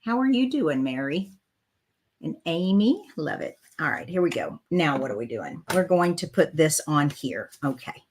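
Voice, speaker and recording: A woman's voice: deep voice, sing-song, normal speed, slightly rough. Chatty woman demonstrating a craft live. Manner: chatty and self-deprecating, talking through mistakes. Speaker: card-making demonstrator. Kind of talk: live crafting tutorial chat.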